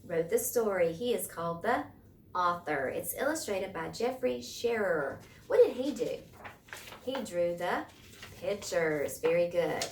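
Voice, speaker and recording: Woman teacher, slow patient read-aloud with questions for the class, roomy room, set back from the mic. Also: lowish voice, lively intonation, recorded from a distance, slight background noise. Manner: clear, asks the class questions. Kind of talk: reading a picture book to a class.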